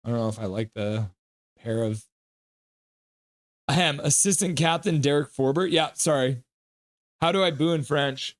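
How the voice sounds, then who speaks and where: A man hosting a live stream, reacting to a game and joking with his chat in an animated way. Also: medium pitch, moderate pace, no echo, studio quality.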